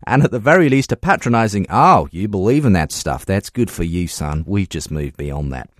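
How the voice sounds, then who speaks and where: A man putting on an Australian accent to voice a brash Australian man reading out his own email, with animated, mocking emphasis. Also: low-pitched, moderate pace, no room sound, clean studio sound. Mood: mocking, indignant. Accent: put-on Australian.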